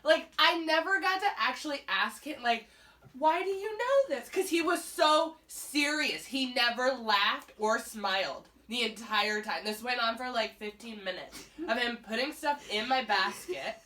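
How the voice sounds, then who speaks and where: A woman telling a comic story in casual chat, lively and quick to act out quoted voices. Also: a little high. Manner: animated, swings into quoted voices. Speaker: storyteller, podcast co-host. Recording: slightly distant mic, faint hiss.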